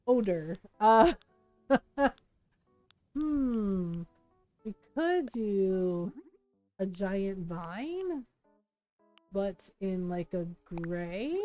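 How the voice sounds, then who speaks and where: Slow, giggly woman streamer thinking aloud. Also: mid-range voice, mellow. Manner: chatty, giggly, thinks aloud with many fillers. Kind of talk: casual gameplay commentary.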